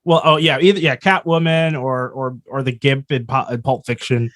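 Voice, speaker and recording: A man's voice: medium pitch, fairly even intonation, normal speed, a bit bright, no room sound, studio quality. A man co-hosting a podcast in casual chat, rambling and restarting his thoughts as he works through a point. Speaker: podcast co-host.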